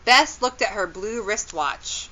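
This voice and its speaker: A woman reading a children's storybook aloud as storyteller, gentle and expressive. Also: medium pitch, takes it slowly, dull audio.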